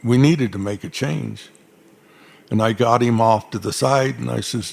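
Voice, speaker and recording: A man's voice: medium pitch, unhurried, creaky, pauses often, a little mellow, breathy edge. An older man from Arizona, telling cowboy stories onstage in a folksy, dry-humored drawl. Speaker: cowboy storyteller. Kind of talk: onstage storytelling. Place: stage before a live audience.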